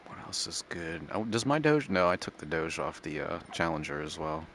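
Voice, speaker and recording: A man's voice: rumbling low, moderate pace, fairly bright tone, a little hiss or hum. A man casually thinking aloud and rambling while playing a driving game. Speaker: gaming channel host. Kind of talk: casual gameplay commentary.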